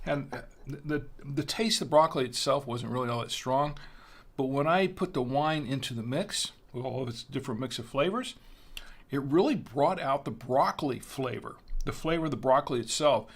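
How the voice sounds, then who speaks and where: Hosting a wine tasting on a livestream, this man chats loosely, wandering off topic, poking fun at himself, and filling his speech with fillers. He speaks at a medium pitch and a moderate pace.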